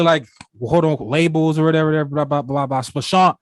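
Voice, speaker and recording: A man's voice: on the high side, fairly even intonation, quick pace, no echo. Rambling young man telling a story. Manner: rambling, full of "you know" and restarts. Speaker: podcast co-host. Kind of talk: casual storytelling chat.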